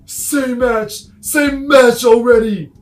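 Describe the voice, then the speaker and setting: A man voicing a brash, threatening male snowball bully who shouts his lines. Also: very high-pitched, slow pace, reverberant, faint music behind, pitched above the performer's own voice. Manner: shouting, loud.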